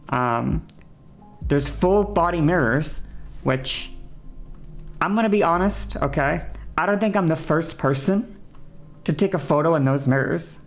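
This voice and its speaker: A woman's voice: deep voice, moderate pace. A woman streamer talking casually and swearing freely, often adding "you know" as she chats with her viewers. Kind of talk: casual livestream chat.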